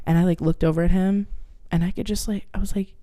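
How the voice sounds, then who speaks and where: A woman's voice: on the low side, steady tone, fast talker, dark tone. A woman in her thirties co-hosting a podcast, bubbly and slangy in casual chat. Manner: bubbly, slangy, says "dude" and "like" a lot. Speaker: podcast co-host.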